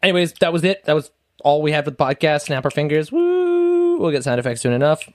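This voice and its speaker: A man's voice: a little high, fast talker, no room sound. Young guy joking around on a podcast mic, dry close sound, laughs a lot. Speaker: podcast co-host. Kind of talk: casual chat. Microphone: studio mic with pop screen.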